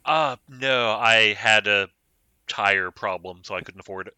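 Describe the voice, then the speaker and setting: A man's voice: fairly low pitch, unhurried, sharp tone, clear, resonant tone, no echo. A man co-hosting a casual book discussion podcast, laid-back with dry jokes. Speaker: podcast co-host.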